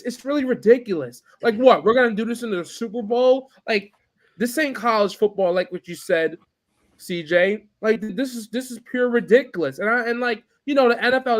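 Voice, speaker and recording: A young man co-hosting a sports podcast, ranting in casual chat with many restarts. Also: high-pitched. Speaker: podcast co-host.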